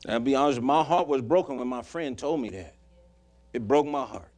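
A pastor with a mid-range voice preaches a sermon, briskly and animatedly telling a personal story in a folksy style that swings between loud and hushed.

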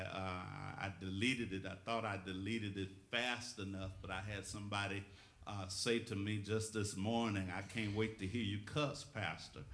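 A man's voice: lowish voice, fairly bright tone, reverberant. A male pastor preaching a call-and-response sermon, rhythmic and calling on the congregation for witnesses. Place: church sanctuary.

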